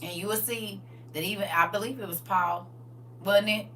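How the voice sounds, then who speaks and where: A woman hosting a livestream in casual chat, laughing often, repeating "listen," and moving into gentle spiritual advice. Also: mid-range voice, normal speed. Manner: laughs often, repeats "listen" and "I'm trying to tell you". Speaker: livestream host. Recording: distant mic with faint hum.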